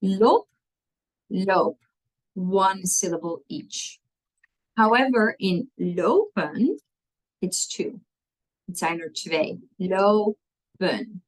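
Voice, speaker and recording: A woman's voice: lowish voice, big pitch swings, takes it slowly, long pauses, low-quality recording. A woman, teaching a language lesson and patiently walking through spelling rules step by step, often checking in with "okay?".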